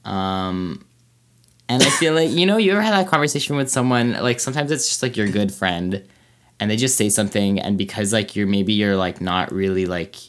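A man co-hosting a casual podcast chat, talking hesitantly with many fillers and pauses. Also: lowish voice, a bit bright. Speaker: podcast co-host.

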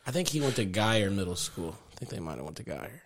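A man's voice: lowish voice, big pitch swings, fast talker, a little hiss or hum. A man in casual podcast chat who drops in short, dry remarks.

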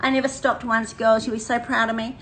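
An older woman, chatting warmly and energetically to a women's church group, laughing often and repeating phrases. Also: on the high side, level tone, brisk, slight background noise, low-quality recording. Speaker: women's ministry leader. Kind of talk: casual livestream chat to a women's group.

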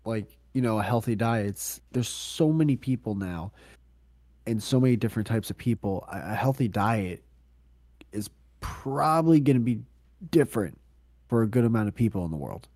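A man's voice: lowish voice, lively intonation, moderate pace, a little mellow, dry recording. A man co-hosting a podcast in loose casual chat, swearing often. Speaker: podcast co-host.

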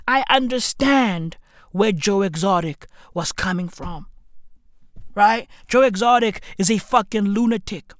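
A man's voice: sits high, a little slow, fairly bright tone, no echo, studio quality. A man from Africa, delivering a profane, emphatic comedic rant that circles back on itself and keeps calling the listener bruv.

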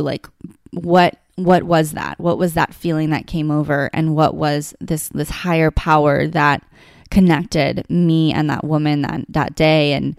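A woman's voice: sits low, creaky, a little mellow, no room sound, studio quality. A woman telling a personal story in a candid, heartfelt way, full of "like" and "you know". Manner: emotional, heartfelt, filler-heavy with frequent "like".

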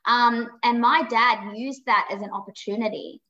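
A woman with a fairly high, bright voice tells her story as a podcast guest. She is frank and emphatic, swears freely and acts out past conversations. The audio is dull and lo-fi. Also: fairly even intonation, normal speed. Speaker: podcast guest, psychic medium.

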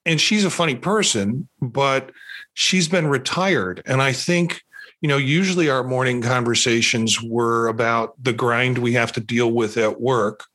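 A middle-aged man with a bright, forceful edge to his voice, telling a story in an easy, reflective way. His pitch sits in the middle of the male range. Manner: reflective, warm about his wife. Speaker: group member sharing a story. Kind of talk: casual storytelling.

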